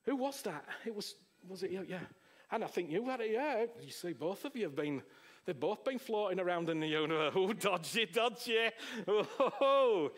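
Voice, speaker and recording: A man preaching a sermon. He is impassioned and keeps asking the audience rhetorical questions, swinging between hushed near-whispers and loud exclaiming. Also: high voice, animated, brisk.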